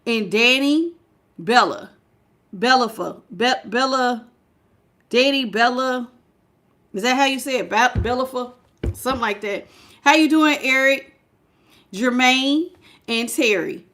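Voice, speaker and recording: Woman, tarot reader on a live stream, slightly high voice, chatty, frank and familiar. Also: a little slow, long pauses, a bit bright. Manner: chatty, greets viewers by name while reading cards; frank and familiar, calls viewers y'all, child and baby.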